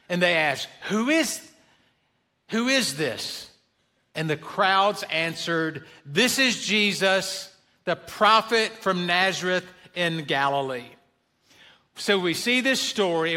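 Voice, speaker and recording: A man's voice: high voice, bright, forceful tone. A man preaching a sermon as pastor, emphatic, rising on questions and quoted cries.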